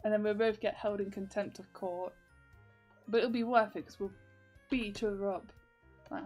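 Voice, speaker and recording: A woman's voice: medium pitch, steady tone, moderate pace, long pauses, darkish tone, soft background music. A young woman vlogging in casual, rambling chat, full of fillers and giggles.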